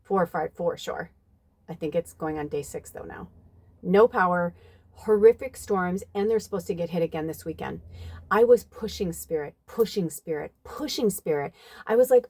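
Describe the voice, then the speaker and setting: A woman's voice: on the low side, animated, normal speed, a little mellow, no room sound. A woman in her fifties, a psychic medium giving a chatty channeled reading to her viewers, casual and swearing freely. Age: 50s. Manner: chatty and swearing, addresses viewers as "you guys". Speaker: psychic medium and tarot reader.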